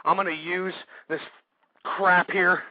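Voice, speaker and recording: A man hosting a talk radio show, delivering an angry ranting monologue that swings between yelling and low muttering. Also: little pitch movement, slow, dry recording. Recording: dry, tinny phone-like internet radio audio.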